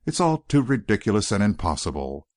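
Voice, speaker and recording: A man reading an audiobook voices a nervous, guarded young woman who speaks quickly and anxiously. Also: on the low side, big pitch swings, darkish tone.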